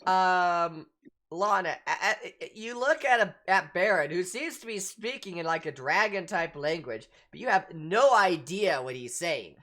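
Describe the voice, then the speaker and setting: A woman's voice: fairly low pitch, lively intonation, unhurried, a bit bright. A woman narrating as game master of a tabletop game, restarting her sentences often.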